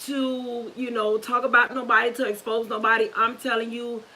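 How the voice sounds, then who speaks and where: On an emotional live stream, a YouTuber with a slightly high voice speaks haltingly and earnestly, restarting again and again, nervous and fighting back tears. Her delivery is flat yet pushed and bright, and the recording is rough.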